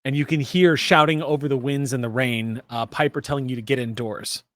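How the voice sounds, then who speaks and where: Relaxed man narrating as game master. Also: medium pitch, a little fast, no room sound. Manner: relaxed, chatty narration with fillers.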